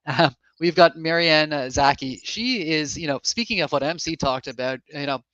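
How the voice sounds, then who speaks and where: A man hosting a live online summit, introducing speakers in a quick, chatty way that often corrects itself. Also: fairly high pitch, fairly bright tone, dry recording, dull audio. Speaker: summit host.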